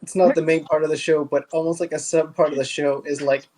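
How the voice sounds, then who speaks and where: A man playing a tabletop game, chatting playfully with quick, excitable asides. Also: on the high side, low-quality recording. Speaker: player. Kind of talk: casual tabletop game chat.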